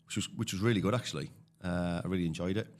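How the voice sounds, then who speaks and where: A man with a deep, low voice and a Teesside accent. He talks in a loose, chatty way, full of fillers, like a guest on a casual podcast. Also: racing. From Teesside, England. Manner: chatty storyteller, many fillers. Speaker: guest, property investor.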